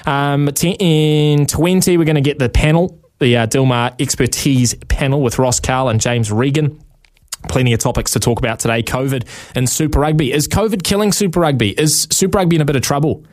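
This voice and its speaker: A man's voice: a little high, a little fast. A man hosting a sports radio show, talking casually with frequent ums. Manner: chatty, many ums and uhs. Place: radio studio.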